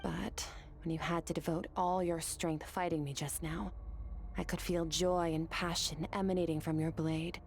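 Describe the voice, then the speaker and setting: A woman voicing a calm, earnest game character. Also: on the low side, moderate pace, a little hiss or hum, close to an everyday voice.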